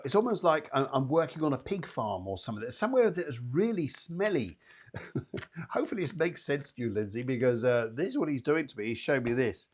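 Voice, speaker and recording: A man's voice: medium pitch, slightly rough. A man hosting a live psychic show and giving readings, chatty and upbeat, addressing viewers by name. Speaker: psychic medium and show host.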